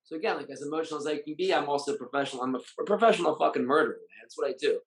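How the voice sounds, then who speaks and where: Gravelly, emotional, foul-mouthed man. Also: on the high side, racing, slight background noise, rough recording. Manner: blunt, heavily profane, openly emotional. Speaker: Muay Thai fighter and coach. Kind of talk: candid interview.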